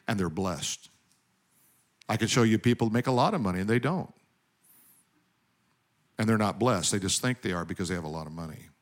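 A male pastor with a fairly low voice preaches a sermon, telling stories and moving between loud emphasis and quiet asides.

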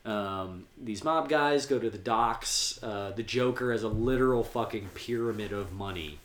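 A man's voice: moderate pace, reverberant, slight background noise. A man in casual chat, recapping film scenes and quoting the characters' lines. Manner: retells scenes with quoted lines, drops to a low murmur.

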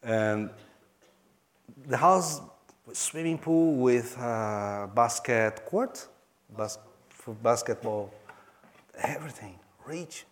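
A man from Brazil preaches a sermon in English with a Portuguese accent. His voice sits at an ordinary middle pitch. He tells his story earnestly, stopping now and then to search for the right word. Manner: earnest storytelling in halting, non-native English. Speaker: pastor.

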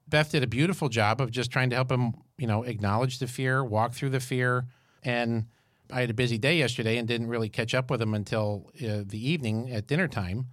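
A man's voice: medium pitch, brisk, no room sound, clean studio sound. Fifty-something man telling a story. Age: 50s. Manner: storytelling, animated and jokey. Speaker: podcast co-host. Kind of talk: casual chat.

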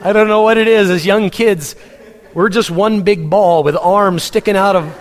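A man's voice: sits high, moderate pace. A pastor preaching a sermon in a church hall, earnest and humorous, speaking straight to his congregation. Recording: long church hall reverb.

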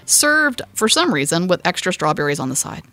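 A woman co-hosting a podcast, chatting casually, laughing often and acting out quotes in a high squeal. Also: big pitch swings, brisk, pushed and bright, dry recording. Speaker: podcast co-host. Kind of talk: casual chat.

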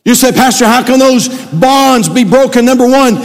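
Male pastor with a very high voice, preaching with shouted emphasis in a church with long reverb. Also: normal speed. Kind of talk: sermon. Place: church sanctuary.

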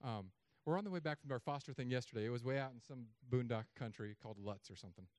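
A man in his thirties preaching a sermon as pastor, telling stories in an animated way with sudden loud, high bursts. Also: fast, no echo.

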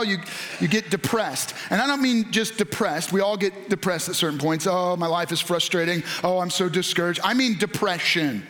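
A male pastor preaching a sermon in a lively way, acting out quoted voices and rising to shouts. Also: sits high. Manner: animated, acts out voices, rises to shouts.

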